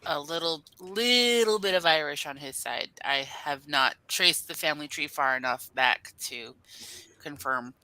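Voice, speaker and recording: Low bright-toned woman, dry sound. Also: a little slow, no echo, poor audio. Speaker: guest in group chat. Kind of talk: casual group chat.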